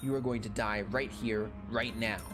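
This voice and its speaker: A man reading a slow, menacing monster. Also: on the low side, fairly even intonation, music in the background, close to an everyday voice. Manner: slow, solemn, threatening.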